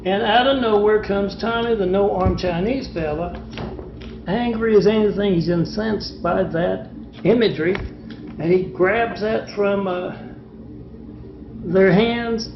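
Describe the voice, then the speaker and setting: A man's voice: high voice, slow, creaky, background noise. A man telling a rambling, meandering story that jumps between loose threads. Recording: echoey, dull lo-fi recording.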